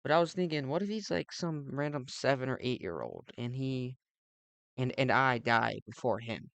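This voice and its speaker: A young man with a gravelly, fry-heavy voice rambles through an ironic, sweary comedic monologue over gameplay, piling up fillers and tangents. The recording is dry and close, with no room around it. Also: medium pitch, expressive, moderate pace, a bit bright, no room sound. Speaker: let's play host.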